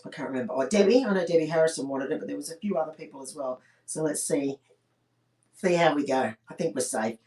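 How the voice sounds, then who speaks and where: A woman's voice: sits low, fast, dark tone, far from the mic. A woman hosting a comedy livestream from home, chatting cheekily and crudely with viewers between songs. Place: home during lockdown. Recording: echoey room, voice off-mic.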